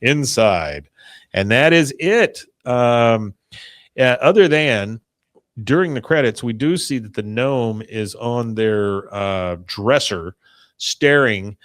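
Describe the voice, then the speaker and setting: A man's voice: mid-range voice, lively intonation, takes it slowly, no room sound. A man hosting a podcast, casually recapping a cartoon episode in a rambling, profane way with chuckling asides. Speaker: podcast host.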